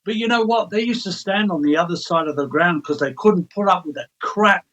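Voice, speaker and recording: A man's voice: high-pitched, fairly quick, bright, forceful tone, muffled recording. A man speaking bluntly and with exasperation as a guest on a sports talk show. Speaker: guest pundit. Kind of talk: casual sports radio chat.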